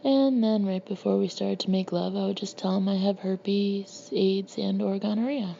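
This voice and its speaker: Dry, deadpan woman narrating an audiobook. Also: mid-range voice, normal speed, gravelly. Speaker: narrator, author reading her memoir. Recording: slightly muffled with faint hiss.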